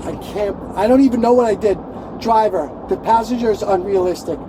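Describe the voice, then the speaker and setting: An agitated man under arrest, pleading and shouting for answers from the back of a police car, recorded on an officer's bodycam. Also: high-pitched, fairly quick. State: agitated, upset. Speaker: arrested passenger. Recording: noisy bodycam audio.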